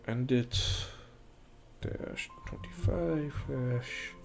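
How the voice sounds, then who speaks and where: A man talking casually to his live stream at home, half to himself, with a mid-pitched voice and a dry, sarcastic edge. Faint music and the crinkle of packaging sit behind him. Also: drawn-out words, vocal fry. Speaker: livestream host.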